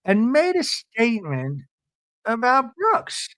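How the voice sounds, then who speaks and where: A man's voice: very high-pitched, huge pitch swings, takes it slowly, a bit bright, no echo, studio quality, pitched above the performer's own voice, exaggerated voice. A man voicing a hurt, flustered reality-TV wife who speaks hesitantly. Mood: aggrieved.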